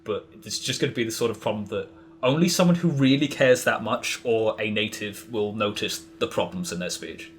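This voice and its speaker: A man's voice: on the low side, a little fast. A man as a podcast guest, explaining in a rambling way with many restarts. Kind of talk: casual podcast conversation.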